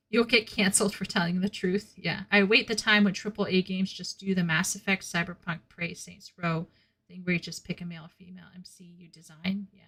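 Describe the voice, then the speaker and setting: A woman's voice: fairly low pitch, a bit bright. A woman streaming and chatting casually with her viewers, blunt and candid, often laughing at her own remarks. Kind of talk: casual chat with a live chat.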